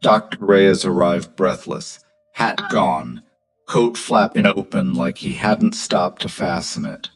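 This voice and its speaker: Low-voiced male story narrator. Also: a little hiss or hum, rough recording. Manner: measured, steady storytelling. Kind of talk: scripted narration.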